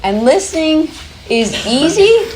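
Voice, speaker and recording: A woman's voice: high-pitched, very animated, slow pace, a little mellow, a little hiss or hum. A woman presenting a workshop to a live group, talking in a chatty, upbeat way and laughing easily.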